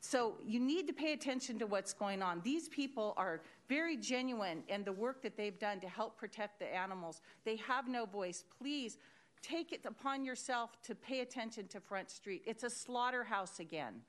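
A woman with a fairly high voice speaks at a council meeting podium. She talks in an urgent, insistent way and scolds the officials in front of her. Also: lively intonation, moderate pace. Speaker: public commenter at a city council meeting. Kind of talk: public comment speech. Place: council chamber.

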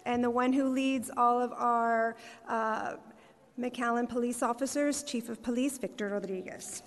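In a performing arts center hall with long reverb, a city communications director gives an upbeat, formal welcome speech, reading out names with small fillers. Her voice is on the high side, with fairly even intonation and an unhurried pace.

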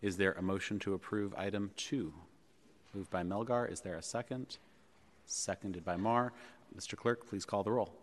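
A man chairing a public board meeting in a city hall chamber, measured and pausing often with ums and uhs. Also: on the low side. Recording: long reverb of a large chamber.

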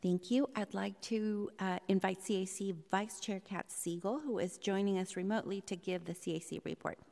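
A woman presiding over a public board meeting as vice chair, speaking in a measured, polite way with a few fillers. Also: mid-range voice, fairly even intonation, vocal fry, a little mellow. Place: legislative chamber in a city hall. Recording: long reverb of a large hall.

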